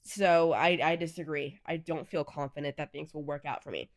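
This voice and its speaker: A woman with a notably low, deep-set voice talks through her podcast in a candid, chatty way. She reads passages aloud and reacts to them in between. The sound is dry and close, with no room around it. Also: moderate pace, hardly any pauses, dry recording. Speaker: podcast host. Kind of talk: casual solo podcast chat.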